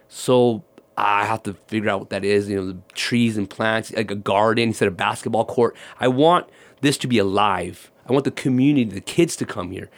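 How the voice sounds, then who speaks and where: A man's voice: lowish voice, fairly quick. A man, a ministry guest, telling his personal testimony and acting out the conversations in it. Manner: animated storyteller acting out dialogue.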